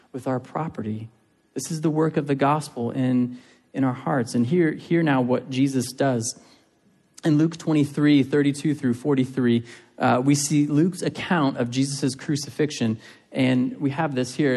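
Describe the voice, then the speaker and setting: A man's voice: fairly high pitch, a little mellow, husky. Earnest male preacher in a reverberant hall. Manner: earnest, repeats and restarts phrases for emphasis. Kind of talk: sermon.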